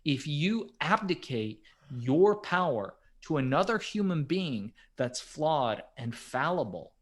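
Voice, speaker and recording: A middle-aged man co-hosting a podcast, telling stories with a very lively, swooping pitch. His voice drops to a hush and then climbs to loud bursts, in easy casual chat. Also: takes it slowly. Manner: animated, swings from hushed to loud. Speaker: podcast co-host.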